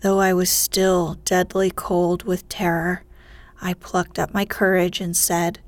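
A woman reading a fairy tale aloud in a soft voice that often drops to a whisper, in whispered storytelling. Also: on the low side, little pitch movement, takes it slowly, dry recording.

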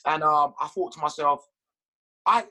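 Man, high voice, bright, animated, casual storyteller, cursing, laughing guest. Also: a little slow, low-quality recording. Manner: animated, swears freely, laughs at his own stories.

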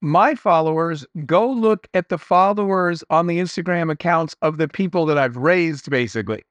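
A man's voice: fairly high pitch, normal speed, dry recording, highs cut off. A middle-aged man, a guest entrepreneur, telling earnest anecdotes and motivational advice in a conversational interview.

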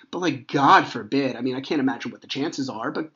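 A husky man in his thirties talks through his week on a podcast in a loose, rambling way, full of fillers and restarts. His voice sits in a middling register and comes through dull and lo-fi. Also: mid-range voice, normal speed, few pauses, fairly bright tone. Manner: rambling, conversational, many fillers. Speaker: podcast host. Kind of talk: personal monologue, casual.

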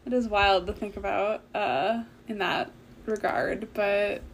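A woman co-hosting a podcast in relaxed casual chat, rambling and laughing easily. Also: mid-range voice, slow pace. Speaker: podcast co-host.

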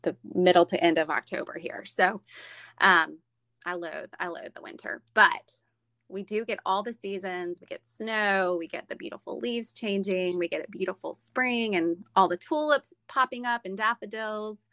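A woman's voice: medium pitch, moderate pace, pushed and bright, no room sound. A woman from Florida chatting casually and telling stories about her family, with many restarts. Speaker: guest. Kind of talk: casual chat. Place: Northern Virginia.

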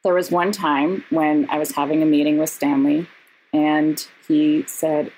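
A woman, a podcast guest and actress, telling stories in casual chat, animated and laughing, with quick asides. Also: sits low, husky, rough recording. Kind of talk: casual storytelling.

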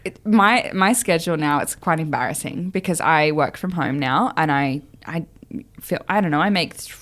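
A woman's voice: low voice, normal speed, a bit bright. A young woman co-hosting a podcast, cheeky and bubbly, laughing a lot. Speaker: podcast co-host. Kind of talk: casual chat.

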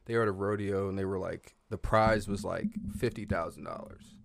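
A man's voice: sits low, steady tone, brisk, creaky, no echo. A man guest on a podcast, casually telling family stories in a loose, profane way with lots of fillers. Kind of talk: casual storytelling.

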